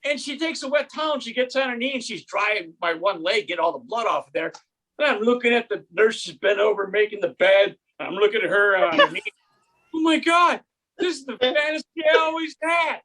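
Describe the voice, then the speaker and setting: A male comedian tells a story in wry, deadpan stand-up style, his pitch swinging widely from line to line. His voice is bright and a little husky, and he performs it from home. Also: a little fast.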